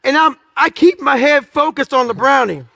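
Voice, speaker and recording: Before an audience, a motivational speaker recounts his life in blunt, profane stories, performing the quoted lines of other people. His very high voice is gravelly with a sharp tone, animated and at a normal speed.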